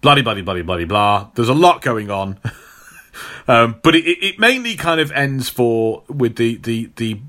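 A man's voice: mid-range voice, big pitch swings, unhurried, fairly bright tone. A man hosting a casual chat, retelling a comic book story in a rambling way with many fillers.

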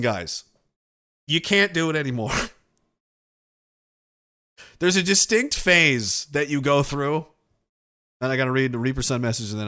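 Man, streamer, casual chat, profane and rambling, bright tense voice, slightly high. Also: clean tone. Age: older. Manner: rambling, profane, self-interrupting. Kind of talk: casual chat reading viewer messages.

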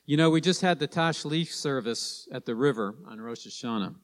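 A man's voice: medium pitch, lively intonation, normal speed. Emphatic preaching man, echoing hall. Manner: emphatic, repeats key lines. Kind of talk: sermon.

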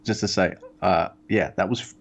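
A man co-hosting a podcast in casual chat, excitable and rambling, cursing often. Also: low-pitched, moderate pace, slight background noise. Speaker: podcast co-host.

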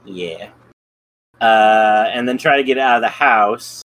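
A man's voice: on the low side, slow pace, a bit bright, poor audio. A man in a casual movie review chat who recaps the plot in an easygoing way and chuckles often.

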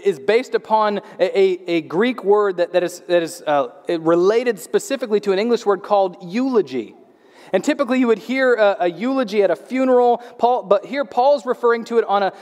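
Pastor, male, thirties, higher voice, earnest sermon delivery with falling phrase endings, church hall reverb. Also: a little mellow. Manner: earnest, drops pitch at phrase ends, frequent restarts.

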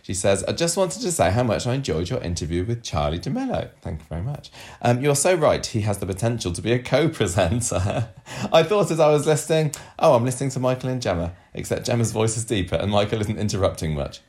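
A man's voice: medium pitch, fast talker, few pauses. A man co-hosting a podcast, joking and reading listener feedback aloud in a casual chat. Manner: jokey, lively, reads messages aloud. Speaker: podcast co-host.

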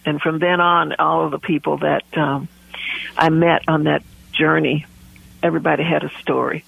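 A woman's voice: low voice, little pitch movement, normal speed, gravelly, slightly rough, phone-quality sound. A woman guest telling a heartfelt story in an interview, laughing often as she talks. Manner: warm testimony with frequent laughs. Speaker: guest, community pie baker.

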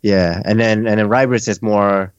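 Casting: easygoing male podcast host, lowish pitch, dry slightly dull mic. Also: fairly even intonation, normal speed, clear, resonant tone, no room sound. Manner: laid-back, chatty, lots of fillers and laughs. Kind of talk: casual chat.

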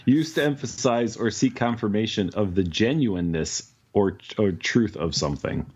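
Low husky-voiced man, laid-back chatter. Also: expressive, moderate pace, darkish tone, highs cut off. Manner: laid-back, rambling, swears casually. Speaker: podcast co-host. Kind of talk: casual chat.

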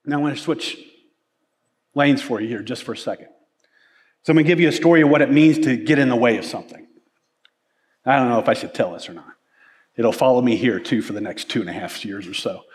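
A middle-aged male pastor preaching, telling a self-mocking personal story in an animated way. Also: mid-range voice, fast talker, long pauses. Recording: long hall reverb.

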